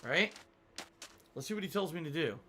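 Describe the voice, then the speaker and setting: A man's voice: a little high, expressive, normal speed, bright, forceful tone, soft background music. A man streaming a game live, rambling, thinking aloud and reading out viewer tips. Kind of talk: live-stream gaming commentary.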